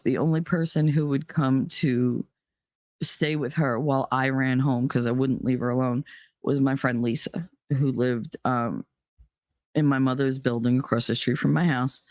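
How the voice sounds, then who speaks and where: A woman's voice: a bass voice, moderate pace, a little mellow, no echo, clean studio sound. A woman host telling a personal story bluntly, swearing freely and speaking with heated emphasis. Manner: blunt and profane, emphatic retelling. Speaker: podcast host.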